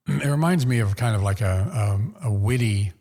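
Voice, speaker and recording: A man's voice: lowish voice, expressive, normal speed, warm tone. A man co-hosting a podcast in casual conversation, agreeable and jokey, with plenty of back-channel yeahs. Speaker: podcast co-host.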